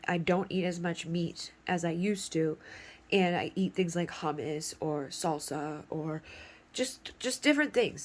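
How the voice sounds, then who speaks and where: A woman giving a casual tarot reading in a rambling, playful way, swearing freely. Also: on the low side. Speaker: tarot reader.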